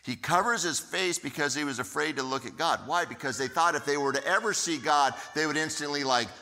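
A man preaching a sermon, telling the story in an animated way and often repeating words as he goes. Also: fairly high pitch, fairly quick, big-room sound. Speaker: pastor.

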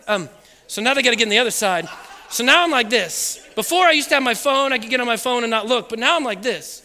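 A man preaching to his church, telling a funny personal story with lively acted-out voices and laughter. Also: extremely high pitch, quick pace. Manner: animated storytelling, acts out voices and beeps, laughs often. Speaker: pastor. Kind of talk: sermon with a comic personal story. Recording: echoey hall with long reverb.

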